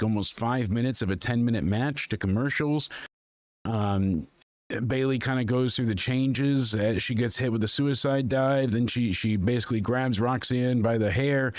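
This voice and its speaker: A man's voice: mid-range voice, no echo. A man in the middle of his range rambles through a wrestling recap as the host, with lots of fillers and restarts. His voice is close and dry, with no room sound. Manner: rambling, conversational, with frequent fillers. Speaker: podcast host. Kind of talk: casual wrestling recap chat.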